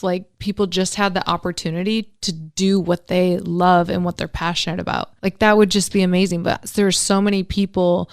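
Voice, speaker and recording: Lady cohost on a chatty podcast, smooth low voice, kinda flat, some fry. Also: no echo, clean studio sound. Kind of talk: casual podcast conversation.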